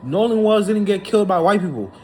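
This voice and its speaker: A man with a notably high-pitched voice holds forth in a heated, indignant monologue. He circles back over the same points again and again, stacking up repetitions as he goes. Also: expressive, brisk, a little mellow, a little hiss or hum. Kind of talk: ranting monologue to camera.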